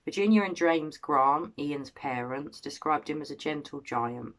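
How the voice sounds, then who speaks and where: Low-voiced English woman, earnest true-crime vlogger. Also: animated, a little slow. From Cambridge, England. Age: 30s. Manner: earnest, personal, heartfelt. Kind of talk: casual true-crime storytelling.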